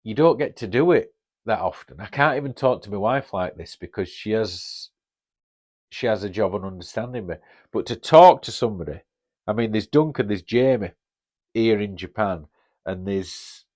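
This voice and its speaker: A blunt, chatty man in his fifties with a broad Northern English accent, spinning a casual travel tale for his podcast. His voice sits fairly low, and he drops the odd swear word without a second thought. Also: lively intonation, normal speed, darkish tone. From Northern England. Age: 50s. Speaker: podcast host. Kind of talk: casual storytelling.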